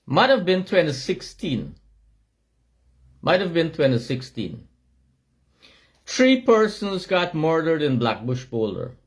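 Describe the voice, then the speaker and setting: Impassioned Guyanese man, high and slow. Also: very animated. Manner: shouting, emphatic, repetitive. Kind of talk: impassioned monologue.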